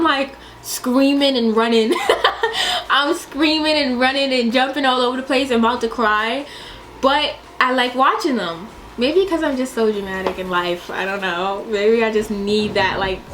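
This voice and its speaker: Young female vlogger, dramatic and expressive, casual Q&A, slightly high pitch, light music bed. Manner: animated and dramatic, laughs often, swears. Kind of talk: casual Q&A vlog.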